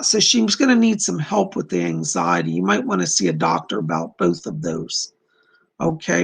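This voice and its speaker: A man doing live psychic readings on a stream, reading viewer questions aloud and gently relaying reassuring messages. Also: high-pitched, creaky, slightly rough. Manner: gentle, reassuring, calls people darling.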